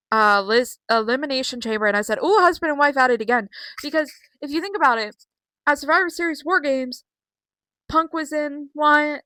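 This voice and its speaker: A young woman talks through the week's wrestling in an unscripted, chatty way, dropping swears and filler words as she goes. Her voice is bright and forward. The recording is dry and close, with no room sound. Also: high voice, no room sound. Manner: chatty and profane, with frequent fillers. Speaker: wrestling vlogger. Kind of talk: casual recap vlog.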